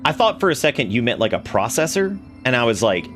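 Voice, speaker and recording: A man's voice: mid-range voice, big pitch swings, quick pace, few pauses, a bit bright, faint music behind. A man streaming a video game, telling rambling, laughing stories with many restarts and asides. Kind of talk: casual gameplay commentary.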